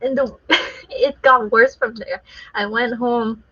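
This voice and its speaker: Bright, giggly woman on a muffled line. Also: fairly high pitch, fairly even intonation, slow pace, husky. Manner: giggly, laughs often through the story. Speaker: guest artist. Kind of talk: casual storytelling chat. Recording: muffled lo-fi sound.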